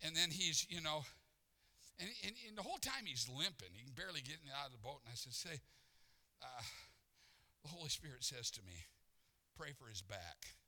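Gravelly, bright-voiced man preaching. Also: fairly high pitch, moderate pace. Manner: animated storyteller, acts out exasperation. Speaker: pastor. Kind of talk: sermon storytelling.

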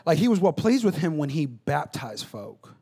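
A man preaching a conversational sermon, acting out little dialogues and swinging between loud bursts and hushed asides. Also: a little high, very animated, normal speed, husky. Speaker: pastor.

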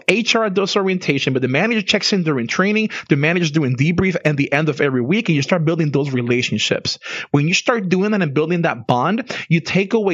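A man co-hosting a casual podcast talks with an emphatic, animated manner and laughs often. His voice sits a bit high and swings widely in pitch. The recording is dry and slightly dull. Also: no room sound. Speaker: podcast co-host. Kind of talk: casual conversation.

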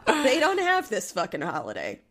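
A woman's voice: on the high side, wildly swooping pitch, normal speed, a bit bright. A woman co-hosting a podcast, talking in a candid, casual way with a nasal, congested voice and frequent laughs. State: congested, intermittent coughing. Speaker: podcast co-host, therapist. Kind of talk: casual chat.

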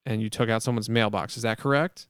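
A man's voice: lowish voice, fast talker, clear, resonant tone, no echo, studio quality. A man in his thirties chatting casually as podcast co-host, acting out quotes as he tells a story. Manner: animated storyteller who acts out quotes. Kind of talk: casual chat.

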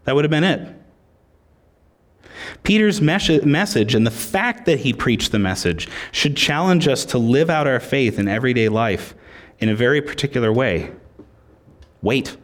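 Male pastor, laid-back joking sermon, mid pitch. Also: expressive, moderate pace. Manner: conversational and joking.

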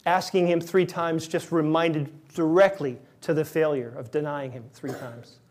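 Man preaching, pastor, fairly high voice, acts out quotes loudly, drops to soft quiet lines, jokes at himself. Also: moderate pace, few pauses. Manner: animated, acts out quotes with rising pitch and volume; self-deprecating humor, laughs at own slips. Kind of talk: sermon.

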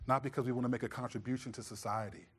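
A middle-aged man with a mid-range, breathy voice preaches rapid-fire as a pastor. He tells lively stories and acts out his own voice scolding as a father.

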